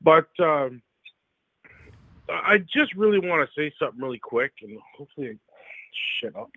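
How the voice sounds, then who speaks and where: A man's voice: on the high side, very animated, moderate pace, no room sound. A man calling in to a live show by phone, flustered and apologetic, swearing casually. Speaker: caller. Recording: tinny phone line.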